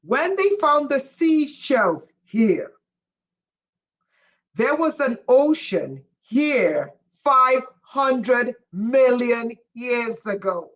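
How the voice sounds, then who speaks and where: A woman giving a live-streamed spiritual lecture, speaking emphatically, repeating key lines slowly for effect, and asking her viewers questions as she goes. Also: a little high, lively intonation, low-quality recording. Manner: asks listeners questions. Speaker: spiritual teacher.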